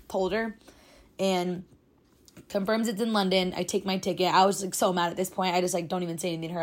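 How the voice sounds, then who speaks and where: A woman in her twenties, a podcast host, telling a travel story in a chatty, dramatic way with lots of "like". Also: on the low side. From United States. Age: 20s. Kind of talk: casual storytime monologue.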